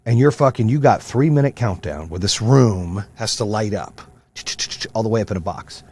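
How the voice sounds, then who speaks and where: A man's voice: on the low side, animated, moderate pace, darkish tone, breathy edge. A middle-aged man hosting his own podcast, ranting with heavy swearing in a fired-up motivational style. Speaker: podcast host. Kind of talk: profane motivational rant.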